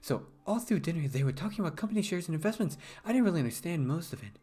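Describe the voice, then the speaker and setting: A man voicing a sweet, eager young girl in a game, in a high, bubbly voice. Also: expressive, rapid-fire, breathy edge. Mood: chatty. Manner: high, bright, bubbly girlish voice.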